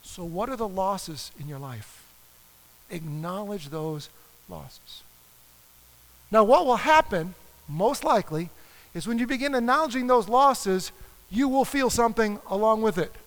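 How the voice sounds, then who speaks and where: Male pastor, sermon delivery; very high, bright voice; long hall reverb; dramatic scripture reading. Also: expressive, normal speed. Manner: reads scripture aloud with dramatic emphasis.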